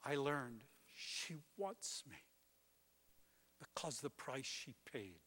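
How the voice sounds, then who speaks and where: Older preacher in a reverberant hall. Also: male voice, sing-song, takes it slowly, husky. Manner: dramatic swings from hushed to booming. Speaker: pastor. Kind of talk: sermon.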